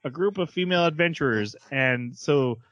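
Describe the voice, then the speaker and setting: A man hosting a podcast, chatting casually as he recaps an anime episode, laughing often and quickly acting out the characters' lines. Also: fairly high pitch, expressive, fairly bright tone, no room sound, dull audio. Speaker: podcast host.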